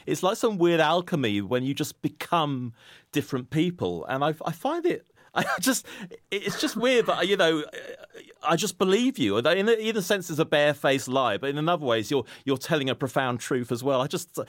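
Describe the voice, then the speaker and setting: A man's voice: on the high side, animated, moderate pace, a bit bright, no room sound, clean studio sound. A man hosting an interview who asks long questions and chimes in often with short agreeing sounds. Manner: affable, lots of brief agreeing sounds. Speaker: interviewer, host.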